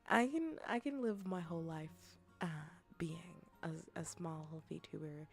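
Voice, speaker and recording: A young woman streaming a casual chat as a VTuber and ASMR creator, rambling with restarts and often dropping into soft whispers. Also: fairly low pitch, expressive, measured pace, soft background music.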